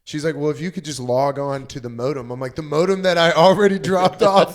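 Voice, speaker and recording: Animated man telling a story. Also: fairly high pitch, a little fast, few pauses. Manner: animated storyteller who acts out quoted exchanges. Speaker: podcast co-host. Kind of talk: casual comedy podcast chat.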